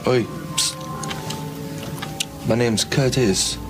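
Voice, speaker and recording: A laid-back guy with a fake island accent, low drawl, loud, music behind. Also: drawn-out words. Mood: friendly. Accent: put-on Caribbean island accent. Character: young white man faking an island accent, laid-back. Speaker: funeral guest in a TV episode.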